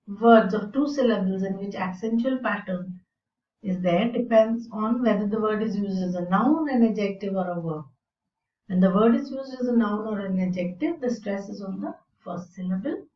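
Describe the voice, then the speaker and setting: Slow, deliberate woman teaching from afar. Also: mid-range voice. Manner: slow, deliberate explanation with fillers. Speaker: English teacher. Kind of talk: recorded lecture. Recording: roomy and distant, dull sound.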